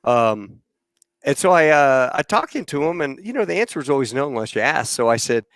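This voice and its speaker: A middle-aged man hosting a casual chat, telling an old flying story in an animated way and acting out the voices of the people in it. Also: mid-range voice, a little fast, dry recording. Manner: animated storyteller who acts out quoted voices. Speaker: podcast host, former KC-130 pilot.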